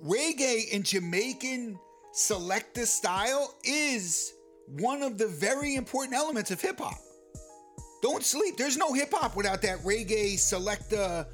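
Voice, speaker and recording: A man's voice: high voice, lively intonation, a little slow, fairly bright tone. A man co-hosting a casual talk show, talking emphatically about music history and the industry. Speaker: podcast co-host. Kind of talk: casual chat.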